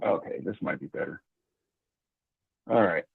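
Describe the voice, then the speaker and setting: A man's voice: deep voice, lively intonation, unhurried, creaky, breathy edge, no echo. A man telling a story in a casual, rambling way, full of restarts, heard over a tinny line. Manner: rambling, hesitant, with many restarts.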